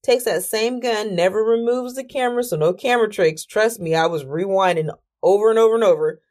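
Excitable, swearing woman storyteller. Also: fairly quick. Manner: animated, exclamatory, swears freely; talks herself down with deep breaths. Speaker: podcast host. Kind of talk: casual storytelling monologue.

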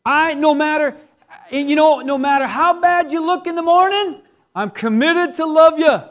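A man's voice: extremely high pitch, moderate pace, fairly bright tone. A middle-aged man preaching a sermon in a conversational, joking way, with many rhetorical questions. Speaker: pastor.

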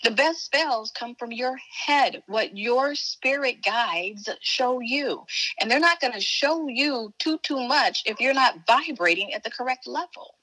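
A woman's voice: on the high side, lively intonation, unhurried, bright, forceful tone, slightly rough, low-quality recording. A woman from Chicago, a spiritual teacher chatting as an interview guest in an emphatic, folksy way, calling the listener baby and honey. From Chicago, USA. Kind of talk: casual interview chat.

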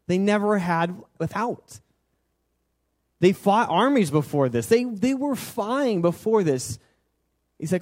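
A man preaching a sermon in a casual, animated way, acting out God's words conversationally. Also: high voice. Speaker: pastor.

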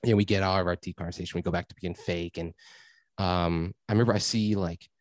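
Laid-back young man, low dry voice. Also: steady tone, fast, no echo. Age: young adult. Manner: laid-back, rambling, heavy swearing and fillers. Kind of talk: casual storytelling chat.

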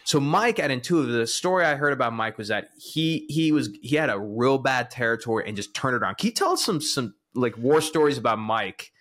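A man from Texas hosts a relaxed interview and tells his own stories in a chatty way. His voice sits at an everyday middle pitch, and he laughs easily. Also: brisk, few pauses. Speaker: podcast host. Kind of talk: casual interview conversation.

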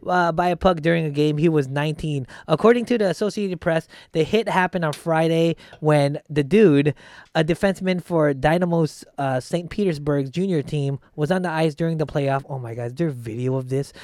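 A man hosting a comedic podcast in casual chat, animated and laughing often as he tells stories and reads news aloud with asides. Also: a little high, moderate pace, no room sound.

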